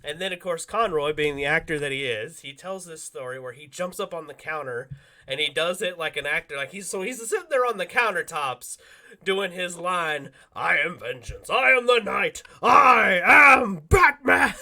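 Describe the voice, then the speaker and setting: Bright animated man telling a story. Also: on the high side, normal speed. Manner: animated, acts out quotes with loud bursts and laughs. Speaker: podcast co-host. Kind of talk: casual storytelling chat.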